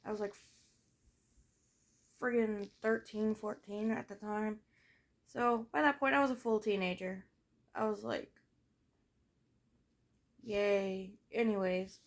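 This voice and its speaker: With fairly even intonation and long pauses, a late-teen girl vlogger slowly rambles through her own life story, heavy on fillers and blunt swearing. Her mid-range voice has a gravelly fry, and many of her sentences fade out softly.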